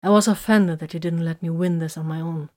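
A hurt, bitter young woman warrior pours out her feelings in an audiobook, as a woman reads her part. The voice sits a little low and carries raw emotion through long confessions. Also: steady tone, fairly quick, warm tone, natural voice. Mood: confessional. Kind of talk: audiobook character reading.

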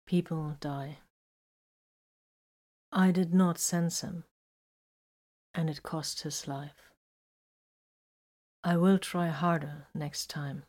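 A woman voicing a weary, guilt-ridden male psychic warrior who talks formally, quietly and slowly. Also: lowish voice, level tone, creaky, exaggerated voice. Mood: guilty. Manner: quiet, slow and subdued.

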